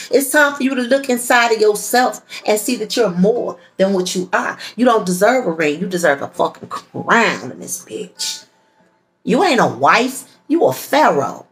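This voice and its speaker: A woman's voice: a little high, low-quality recording. Blunt, profane woman reading tarot. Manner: blunt, profane and preachy, with many repeats. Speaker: tarot reader and channel host. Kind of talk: tarot reading monologue to viewers.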